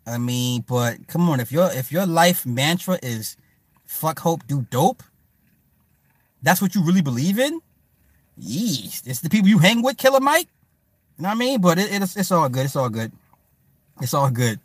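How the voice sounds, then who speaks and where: A man's voice: on the high side, very animated, normal speed, dry recording. A man hosting a livestream, riffing casually with loose, profane jokes and answering viewers by name. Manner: talks to viewers and chat by name. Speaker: livestream host. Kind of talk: casual commentary chat.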